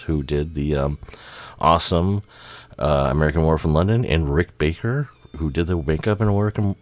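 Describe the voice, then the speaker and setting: A man's voice: very deep voice, a little mellow, no room sound. A man giving casual, rambling commentary over a music video, swearing and laughing, a bit tired and tipsy.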